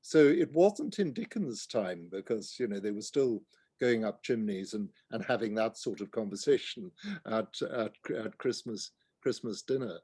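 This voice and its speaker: A man who is a guest author in a literary conversation, thoughtful and halting, restarting his sentences often. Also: fairly low pitch, animated, dark tone, husky, no room sound.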